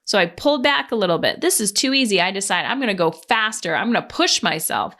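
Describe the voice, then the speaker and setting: Woman, podcast host, from Canada, casual storytelling, candid, swears, acts out quotes, mid-pitched voice. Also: very animated, fast, pushed and bright.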